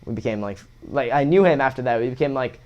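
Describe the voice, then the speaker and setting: A young man chats casually as a guest on an interview podcast. He tells his stories in loose slang, swears often, and acts out old conversations with lively energy. His voice sits at a middle pitch. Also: quick pace, clean tone, dull audio. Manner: laid-back slangy storytelling, swearing, animated retellings. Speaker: guest musician.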